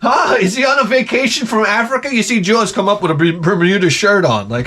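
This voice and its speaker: A man hosting his own vlog, telling a crude comic story in a rambling way with loud outbursts. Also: high voice, a little fast, hardly any pauses. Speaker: vlog host.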